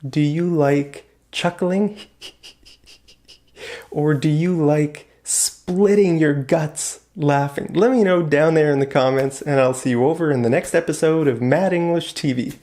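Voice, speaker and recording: A man's voice: a little high, measured pace, hardly any pauses, a little mellow. A man teaching English vocabulary in a casual online lesson, explaining words patiently with examples and checking in with "okay?". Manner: fillers like "like" and "okay?" between points.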